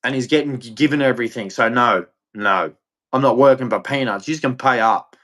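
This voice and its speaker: A man's voice: medium pitch, fairly quick, a bit bright. A man with an Australian accent, ranting angrily and swearing often as he repeats himself. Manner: agitated, profane, repetitive. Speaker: streamer. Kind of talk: angry rant.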